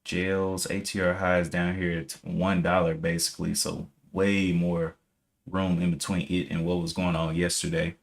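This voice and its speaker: A man's voice: deep voice, level tone, moderate pace, creaky. A man streaming live day trading, casually thinking aloud, reading out viewer comments and correcting himself as he checks charts.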